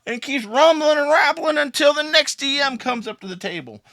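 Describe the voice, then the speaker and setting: A man's voice: extremely high pitch, expressive, moderate pace, creaky, bright, forceful tone. A man narrating and playing in a tabletop game, talking in a folksy, rambling country style. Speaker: player and storyteller.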